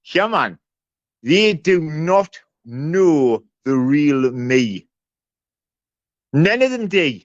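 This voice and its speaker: A man's voice: on the high side, big pitch swings, extremely slow, long pauses. A man talking bluntly on a livestream panel, swearing and restarting his sentences. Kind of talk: heated livestream argument. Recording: muffled lo-fi stream audio.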